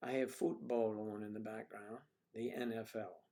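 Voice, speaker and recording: A man hosting a casual livestream from home, greeting viewers and musing over their names with slow hums. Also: fairly low pitch, fairly even intonation, warm tone. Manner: musing, drawn-out hums between comments. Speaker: livestream host reading chat. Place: at home with TV in background.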